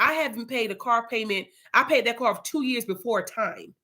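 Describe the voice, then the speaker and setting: A woman's voice: on the high side, normal speed, bright, forceful tone. A young woman leading an informal Bible study, chatty and casual, telling personal testimony.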